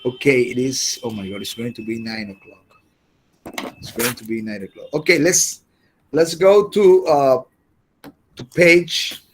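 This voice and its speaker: A man teaching an English class over a video call, halting and often repeating words as he explains. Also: medium pitch, a little hiss or hum. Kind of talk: online class lecture.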